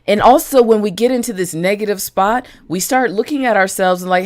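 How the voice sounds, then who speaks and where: A woman's voice: medium pitch, a little fast, hardly any pauses, darkish tone. Chatty woman coaching her viewers. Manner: chatty, direct, greets viewers by name. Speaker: business coach. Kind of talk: live-stream talk to viewers.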